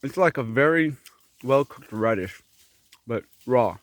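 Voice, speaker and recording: A man's voice: medium pitch, expressive, a little slow. Man rambling through his overgrown garden. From Korea. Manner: rambling, musing asides; talks while chewing. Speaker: vlogger clearing a fruit garden. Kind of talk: casual walk-and-talk vlog. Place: outdoors in an overgrown tropical garden.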